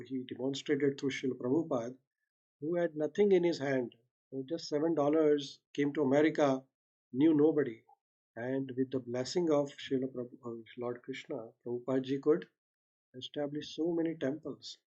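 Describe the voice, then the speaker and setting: A man with an Indian accent giving a devotional talk, unhurried, often checking in with the listeners with a questioning "right?". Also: medium pitch, fairly even intonation, dark tone, dull audio. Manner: speaks unhurriedly, often ends points with a questioning "right?", mixes in Hindi. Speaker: satsang speaker.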